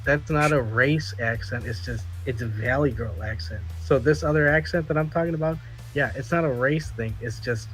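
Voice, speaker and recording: A man's voice: medium pitch, normal speed, a bit bright, faint music behind, rough recording. A man on a podcast panel, rambling in crude casual chat and searching for his words.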